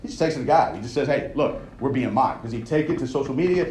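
A man's voice: medium pitch, expressive, racing, darkish tone, slight background noise. A young man, a coach, giving an emphatic, conversational sermon and checking in often with his listeners. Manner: emphatic, conversational preaching with frequent "all right?" check-ins. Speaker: coach leading a devotional. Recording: echoey room.

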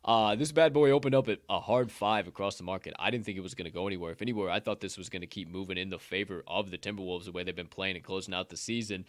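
A man's voice: sits low, fast talker, hardly any pauses, no echo, clean studio sound. A man hosting a sports betting show from a sportsbook, chatting casually with loose, profane joking asides.

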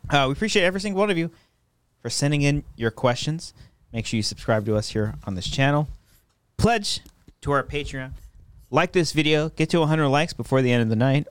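A man's voice: on the high side, animated, brisk, clear, resonant tone, no room sound. Laid-back man hosting a podcast. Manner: loose, joking sign-off with swearing. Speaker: podcast host. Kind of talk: casual chat.

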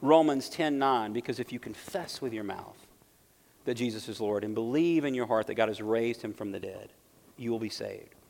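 A man preaching a sermon as pastor, emphatic, jumping from loud bursts to quiet asides. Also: on the low side, normal speed, vocal fry. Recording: long hall reverb.

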